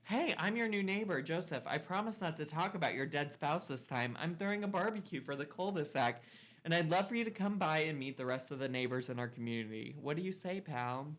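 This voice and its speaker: A man's voice: on the high side, lively intonation, fairly quick, fairly bright tone. A man voicing a cheerful, clean-cut suburban dad neighbor with a chipper, overly friendly manner.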